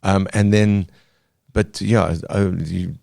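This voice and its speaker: A cartoonist as a podcast guest, talking thoughtfully with many fillers and restarts. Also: male voice, low-pitched, steady tone, slow, creaky, warm tone, no echo, clean studio sound. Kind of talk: podcast interview.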